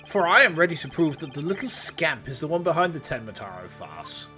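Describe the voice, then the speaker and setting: A streamer voicing a calm, menacing samurai prosecutor in a video game, speaking in measured, archaic phrases. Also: mid-range voice, faint music behind.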